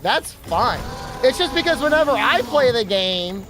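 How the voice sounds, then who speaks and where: A man with a high voice chats casually on a livestream, wandering through a self-deprecating story. He talks into a desk mic, and a clear layer of background noise runs underneath. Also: very animated, a little slow, pushed and bright. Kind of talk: casual stream chatter.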